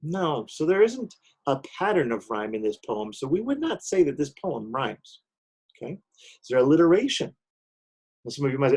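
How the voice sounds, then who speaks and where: A man's voice: medium pitch, sing-song, moderate pace, darkish tone, breathy edge, poor audio. A man teaching a recorded poetry lesson, explaining step by step and checking in often with "okay?".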